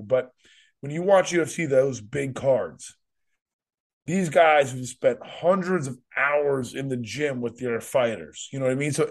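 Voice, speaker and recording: A man's voice: mid-range voice, creaky. A man hosting a podcast, rambling emphatically and repeating himself in casual chat. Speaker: podcast host.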